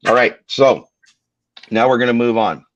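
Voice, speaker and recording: A man's voice: mid-range voice, moderate pace, highs cut off, a little hiss or hum. Man hosting a chatty live stream. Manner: chatty, self-deprecating, fillers. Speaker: host. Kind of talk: casual live-stream chat.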